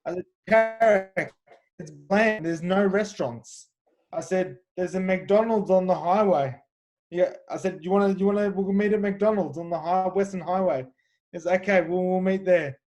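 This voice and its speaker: A man's voice: high voice, moderate pace, darkish tone. A man, a kickboxer, telling fight stories in an interview, confident and chatty with many fillers and restarts. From Australia. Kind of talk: animated storytelling interview.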